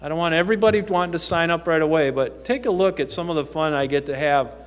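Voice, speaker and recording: Speaking from a church pulpit, a youth ministry worker tells stories in a chatty, informal testimony with lots of ums. His voice is fairly high, quick and smooth. The sanctuary gives the recording a strong echo.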